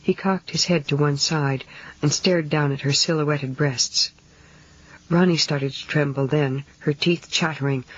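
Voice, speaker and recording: A narrator giving a steady, measured reading of a novel. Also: mid-range voice, husky. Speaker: audiobook narrator. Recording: dull lo-fi 1970s audiobook tape.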